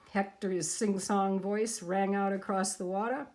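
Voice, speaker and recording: A woman reading a children's picture book aloud in an expressive, animated way. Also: mid-range voice, unhurried, few pauses. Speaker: storybook narrator.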